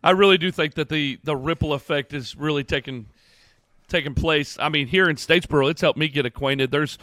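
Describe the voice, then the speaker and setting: A man's voice: on the high side, fairly quick, a bit bright, no echo. A man hosting a podcast, chatting casually and announcing upcoming meetups. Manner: friendly, chatty, announces events. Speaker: podcast host. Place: home studio.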